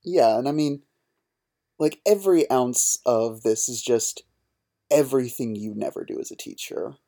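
A man's voice: mid-range voice, measured pace, vocal fry, warm tone. A man co-hosting a podcast, ranting in a heated, profane, casual way. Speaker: podcast co-host.

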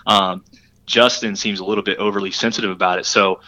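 Brief: male co-host, lowish pitch, crisp bright tone, rambling, playful. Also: steady tone, brisk, poor audio. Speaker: podcast co-host. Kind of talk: casual sports chat.

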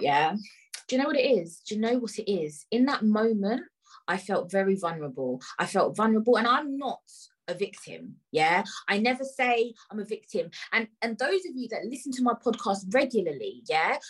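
On a rough recording, a host with a somewhat high, slightly bright voice and a breathy edge rants casually on her podcast. Indignant and emphatic, she swears freely while speaking straight to listeners.

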